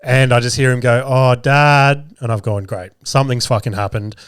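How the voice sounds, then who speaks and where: A man's voice: medium pitch, fairly even intonation, fast talker, clear, resonant tone, no echo. Male podcast host in his 30s, rambling, crude humor, a little stuffy-nosed, dry close recording. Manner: profane, rambling, jokey. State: getting over a cold, a bit nasal. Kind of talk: casual comedic podcast chat.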